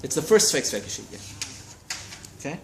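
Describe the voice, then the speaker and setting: Animated man teaching a Talmud class. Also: a little high, normal speed. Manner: animated, keeps checking in with listeners. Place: study hall classroom. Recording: roomy echo, faint hiss.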